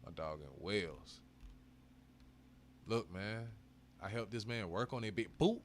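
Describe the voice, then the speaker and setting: A man's voice: fairly low pitch, takes it slowly, slight background noise. A man hosting a live stream, chatting casually with heavy swearing, frequent laughs and bursts of hype. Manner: profane, hyped, laughs often.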